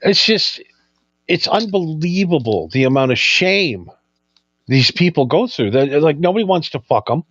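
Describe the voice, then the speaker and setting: A man's voice: fairly high pitch, animated, moderate pace, fairly bright tone, no echo, dull audio. A man co-hosting a casual chat, joking crudely and drifting into tangents. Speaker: podcast co-host.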